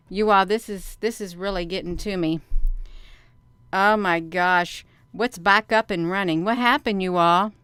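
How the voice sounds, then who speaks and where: A woman hosting a casual vlog who talks excitedly to her viewers, repeats herself and sounds out of breath. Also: mid-range voice, takes it slowly, clean tone, dry recording. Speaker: video channel host.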